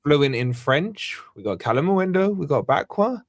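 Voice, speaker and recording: A man's voice: a little high, sing-song, moderate pace, no echo, clean studio sound. A man hosting a live football fan show, chatting casually with his panel and wrapping up with upbeat sign-offs. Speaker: host.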